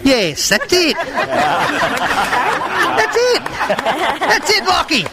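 Cheeky high-voiced Australian male entertainer. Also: wildly swooping pitch, very slow, heavy background noise. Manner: cheeky, bawdy banter with the crowd. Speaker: entertainer leading an audience sing-along. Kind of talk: live comedic stage patter. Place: live venue with an audience.

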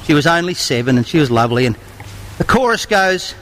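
A man's voice: a little high, sing-song, quick pace, fairly bright tone, soft background music, poor audio. An Australian man with a cheeky, bawdy manner, leading an audience sing-along with comic stage patter at a live venue. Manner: cheeky, bawdy banter with the crowd.

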